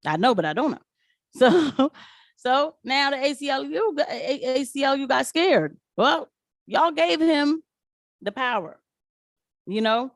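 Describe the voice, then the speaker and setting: Animated woman ranting to her viewers. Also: sits high, unhurried, pauses often, dry recording, clean studio sound. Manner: animated, talks back to viewers, mocks voices in quotes. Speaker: political commentary vlogger. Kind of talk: casual live-stream commentary.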